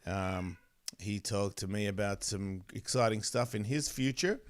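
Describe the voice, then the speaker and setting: A man's voice: on the low side, measured pace. A man hosting a podcast in casual chat, rambling and swearing, often losing his thread. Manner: rambling, distracted and profane, loses his thread. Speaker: podcast host.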